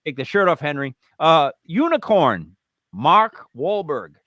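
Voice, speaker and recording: Animated, playful man co-hosting a live show. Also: on the high side, unhurried, dry recording. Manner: playful, jokey, rattles off names with emphatic bursts. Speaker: podcast co-host. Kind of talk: casual live-stream banter.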